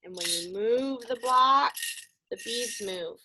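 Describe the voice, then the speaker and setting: A woman teaching young children a phonics lesson, speaking slowly and encouragingly and calling them friends. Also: on the high side, noisy background.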